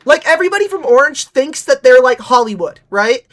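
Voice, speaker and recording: A woman's voice: high voice, very animated, brisk, a little hiss or hum. A young woman from Nevada streaming casually, ranting and mocking with lots of swearing.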